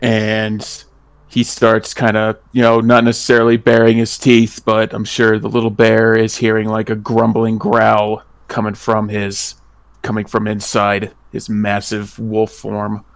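A man's voice: fairly low pitch, monotone, a little slow, smooth, dry recording. A man playing a tabletop game, talking casually and easily rattled. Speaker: player.

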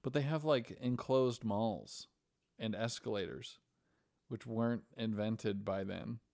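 A man's voice: lowish voice, takes it slowly, creaky, darkish tone. A man in casual, joking chat, swearing freely and breaking into silly voices.

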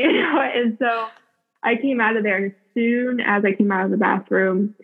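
This woman, a podcast guest, shares a personal story casually, peppered with "like" and plenty of laughter. Her voice is on the high side at normal speed, and the line sounds tinny and phone-like.

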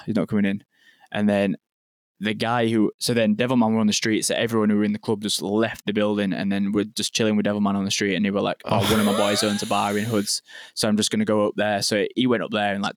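A man's voice: fairly low pitch, flat delivery, fast, dry recording. A young man, telling a story in casual podcast chat, rambling and sweary with lots of "like". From England. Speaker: podcast guest, venue owner.

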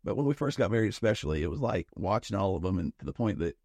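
A man's voice: fairly low pitch, very animated, racing, darkish tone, dry recording, clean studio sound. A man co-hosting a podcast in casual chat, rambling and thinking aloud with many restarts. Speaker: podcast co-host.

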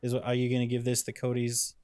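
A man's voice: mid-range voice, monotone, fast, darkish tone, clean tone, no echo. Emphatic man rambling in a dry room. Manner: emphatic, rambling storyteller with restarts. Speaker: podcast co-host. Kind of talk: casual comedic chat.

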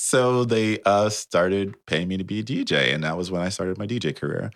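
A young man telling a personal story in casual chat, animated and laughing often as he acts out other people's voices. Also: on the low side, brisk.

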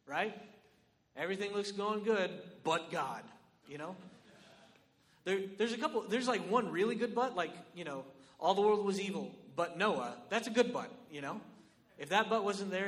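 A man preaching a sermon in an animated, conversational way, often checking in with his listeners. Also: high-pitched, big-room sound. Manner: animated, conversational, lots of "right?" and "like".

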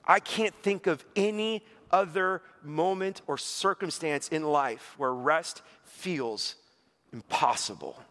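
A man's voice: on the high side, takes it slowly, fairly bright tone. A man preaching a conversational sermon, chatty and full of rhetorical questions and acted-out inner voices. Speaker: pastor.

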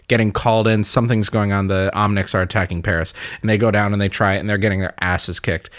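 A man in casual gaming chat, excitable and gushing, laughing often and swearing. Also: lowish voice.

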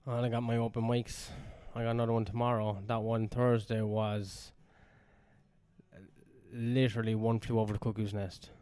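A man and stand-up comic in casual chat, making blunt, crude, deadpan remarks. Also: lowish voice, normal speed, clear, resonant tone, no room sound.

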